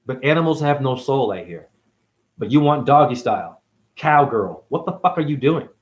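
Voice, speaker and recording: Angry, profane man ranting loudly. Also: mid-range voice, lively intonation, moderate pace. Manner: angry, confrontational, swears constantly. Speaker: self-styled spiritual teacher.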